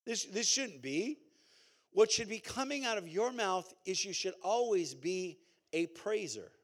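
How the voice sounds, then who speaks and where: A man preaching a sermon as pastor, in a conversational, animated way with call-and-response and repeated phrases. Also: sits high, unhurried.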